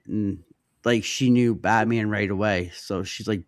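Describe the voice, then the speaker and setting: A man co-hosting a casual podcast, calmly retelling scenes and inviting the others to speak. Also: on the low side, a little slow, no room sound, clean studio sound. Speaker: podcast co-host. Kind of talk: casual comic-book discussion.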